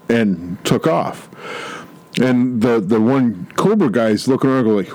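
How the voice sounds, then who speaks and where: A man's voice: mid-range voice, expressive, fairly quick, darkish tone, poor audio. A man co-hosting a podcast, telling a comic book story in rambling casual chat. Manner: rambling storyteller, many restarts and quoted voices. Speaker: podcast co-host.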